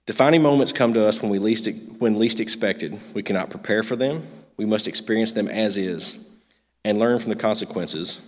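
A man leading a youth group, making loose, rambling announcements full of fillers and then reading a devotional aloud in a church meeting room. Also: on the low side. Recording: long hall reverb.

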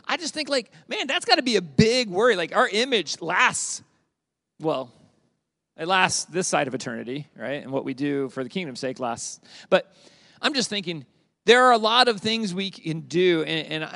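A youth pastor with a high, gravelly voice leads a summer youth group through scripture. He talks in a lively, conversational way, asking questions and repeating the answers back. The sound is close and dry, with no room echo. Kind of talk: youth group Bible talk.

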